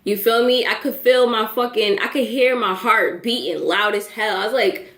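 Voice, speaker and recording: A young woman telling a story to camera, profane and animated, laughing as she goes. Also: on the high side, normal speed. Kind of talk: casual storytime. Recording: echoey room.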